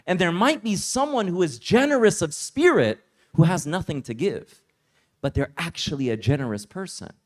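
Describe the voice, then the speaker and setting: A man with a somewhat high voice gives a religious lecture as a story. He talks casually and conversationally, leaning on "like" and "you know" as he recounts it. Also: expressive, moderate pace. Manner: casual, conversational, heavy use of "like". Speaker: Islamic teacher. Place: summer retreat lecture.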